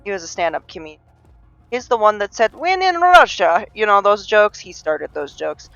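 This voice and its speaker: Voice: medium pitch, a little fast, vocal fry, a bit bright, no echo, dull audio, soft background music. A game streamer giving casual, rambling live commentary with lots of fillers and restarts. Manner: rambling, chatty, many fillers and restarts, laughs at own jokes.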